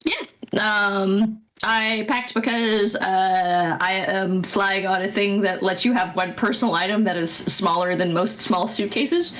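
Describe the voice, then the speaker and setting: A woman's voice: medium pitch, fairly even intonation, a little slow, fairly bright tone, low-quality recording. A woman chatting casually with a friend, rambling through stories and acting out her own thoughts. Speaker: friend on stream. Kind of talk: casual chat.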